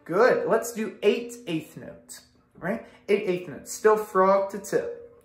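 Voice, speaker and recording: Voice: mid-range voice, takes it slowly. A string teacher leading an online music lesson, counting beats aloud with patient encouragement. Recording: echoey room with violin playing.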